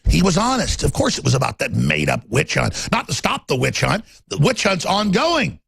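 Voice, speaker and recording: A man hosting a talk radio show, ranting with passion and swinging between loud outbursts and low muttering. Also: big pitch swings, fairly quick, gravelly, breathy edge, no room sound, studio quality.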